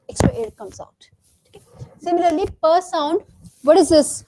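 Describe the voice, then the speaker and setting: A woman's voice: very high voice, normal speed, pauses often, mellow. A woman coaching a class for a test, firm and corrective, drilling words by repeating them. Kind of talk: classroom teaching.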